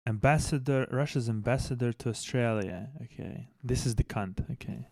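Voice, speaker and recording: A man's voice: mid-range voice, normal speed, vocal fry, darkish tone. A man hosting a news commentary channel in casual, blunt style, swearing heavily and restarting sentences, speaking English as a second language. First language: not English.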